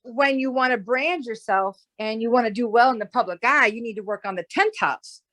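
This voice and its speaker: This astrologer guest has a high-ish, fairly bright voice and talks a little fast. In a casual exchange she explains ideas at great length, meandering, starting over, and peppering in "right?".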